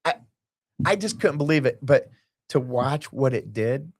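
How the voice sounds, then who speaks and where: A basketball team owner appears as a guest on a casual podcast, speaking in a mid-range, animated, unhurried voice on a dry recording. He's a rambling storyteller who hops from tangent to tangent and acts out what people said.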